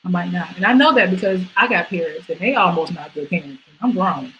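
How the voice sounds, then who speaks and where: A young woman with a lilt performs her comedy set from home over a stream. Her voice is bright and forward. She leaps into high squeals, then drops to quiet mutters, with a faint hum of room noise behind her. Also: animated, a little fast, muffled recording. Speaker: stand-up comedian.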